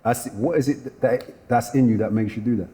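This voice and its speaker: A man hosting an interview, soft-spoken and giving frequent quiet affirmations. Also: medium pitch, brisk. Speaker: podcast host and psychotherapist. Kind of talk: casual interview chat.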